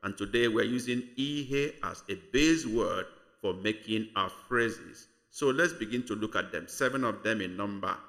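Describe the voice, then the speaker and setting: A man with a Nigerian accent teaching a spoken language lesson, repeating each word slowly and deliberately for learners. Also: lowish voice, a bit bright. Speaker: language tutor.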